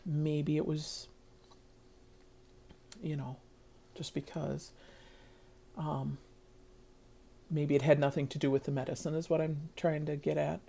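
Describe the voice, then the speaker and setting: Woman, middle-aged, casual vlog, heartfelt and rambling, low pitch, slow pace. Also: vocal fry, mellow. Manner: earnest, rambling, heartfelt, many fillers. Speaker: vlogger.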